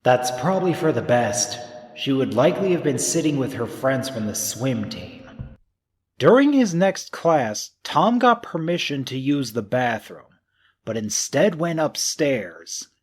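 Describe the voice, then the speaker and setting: In a slightly rough, mid-range voice, a man narrates a mystery audiobook at a measured pace. He dramatizes the characters' thoughts through an expressive reading.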